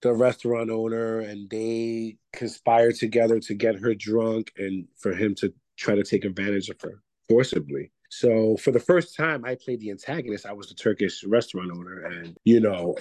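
On a dry recording, a man with a lowish, slightly mellow voice talks casually in an interview. An actor and comedian from Puerto Rico, he keeps restarting his sentences and saying "you know."

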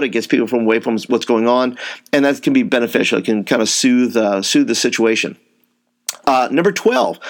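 A man giving an informal teaching talk to youth workers, going through numbered tips, acting out example dialogue with lots of fillers and restarts. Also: a little high. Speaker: youth ministry trainer.

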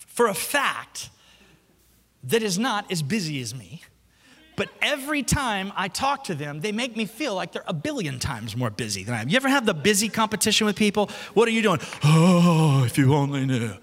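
Lively high-voiced male pastor in a hall. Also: moderate pace. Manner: lively storytelling, acts out quotes. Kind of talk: sermon. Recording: long hall reverb.

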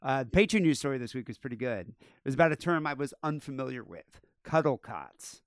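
A male podcast host chats in a relaxed way and makes crude, offhand jokes. His voice is smooth and clean at an ordinary pitch. It is recorded dry and close to a studio mic. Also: fairly quick, dry recording. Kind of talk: casual chat.

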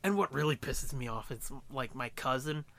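A man co-hosting a podcast, telling a casual, profane story in an animated way. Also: mid-range voice, moderate pace, creaky, crowd noise. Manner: animated, profane storyteller doing voices in quotes. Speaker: podcast co-host. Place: podcast studio. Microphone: studio mic up close.

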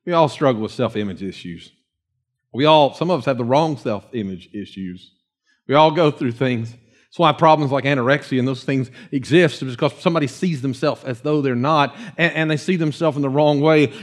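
A middle-aged man preaching a conversational, animated sermon, slowing to hushed readings of scripture. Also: mid-range voice. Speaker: pastor.

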